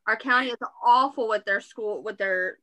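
A woman's voice: on the high side, normal speed, sharp tone. A woman co-hosting a podcast, chatting casually and complaining.

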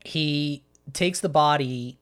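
A man's voice: fairly high pitch, takes it slowly, a bit bright, clear, resonant tone. A man chatting casually, retelling a story at length with many fillers and restarts. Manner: rambling retelling with acted-out quotes and many fillers. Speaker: podcast co-host recapping a film. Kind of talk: casual chat.

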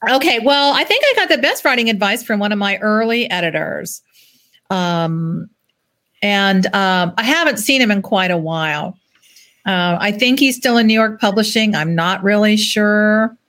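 Woman author chatting about her book, normal pitch, lots of um and uh. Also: lively intonation, normal speed, fairly bright tone. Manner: chatty, many ums and uhs. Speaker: author guest. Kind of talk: casual chat about her novel.

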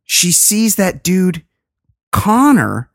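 A woman's voice: lowish voice, sing-song, drawn-out words, gravelly, dry recording, clean studio sound. Gossipy, profane woman recapping on a podcast. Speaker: podcast host. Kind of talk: casual podcast chat.

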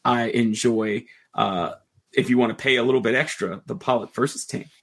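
A man hosting a podcast in casual chat, relaxed and rambling with light jokes. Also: medium pitch, normal speed, creaky, husky. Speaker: podcast host.

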